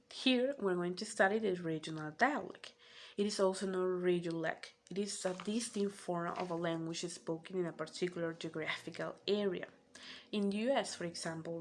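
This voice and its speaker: Measured woman. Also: fairly low pitch. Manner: careful, measured explaining with "eh" fillers. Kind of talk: spoken class presentation.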